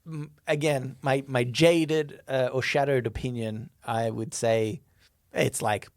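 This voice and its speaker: A man with an Australian accent co-hosting a podcast, chatting in a relaxed, hesitant way with lots of fillers. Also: mid-range voice, slow pace, no room sound, clean studio sound. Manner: laid-back, hesitant, many fillers. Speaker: podcast co-host. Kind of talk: casual podcast chat.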